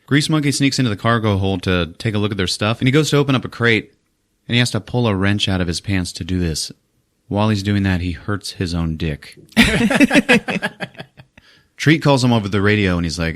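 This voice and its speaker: A man's voice: on the low side, sing-song, moderate pace, fairly bright tone. A man hosting a podcast, casually recapping a film, swearing freely, laughing often and acting out the characters. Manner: profane, laughing, acts out scenes in voices. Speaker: podcast host.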